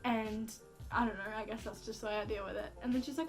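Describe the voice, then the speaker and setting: A woman's voice: on the high side, steady tone, fast, soft background music. A young woman telling a story casually, full of "like" fillers and acted-out quotes, with casual swearing. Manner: chatty, heavy use of "like" fillers. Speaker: vlogger.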